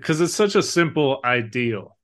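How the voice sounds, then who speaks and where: A man's voice: medium pitch, expressive, normal speed. A man co-hosting a casual film discussion, earnest and emotional, swearing casually now and then. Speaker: podcast co-host.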